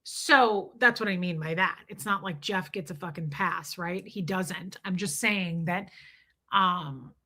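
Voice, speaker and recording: Candid woman streamer with a bright, forceful voice, chatting bluntly to viewers. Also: fairly low pitch, a little slow. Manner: candid and blunt, swears freely, animated. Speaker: livestream host. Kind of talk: casual livestream chat answering viewers.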